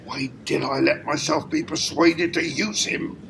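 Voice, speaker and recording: A harried theatre director, played by a man, snaps out orders in a bright, sharp voice with a gravelly edge. His pitch sits high and jumps around. He is curt and sardonic throughout. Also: fairly even intonation, unhurried, a little hiss or hum. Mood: exasperated.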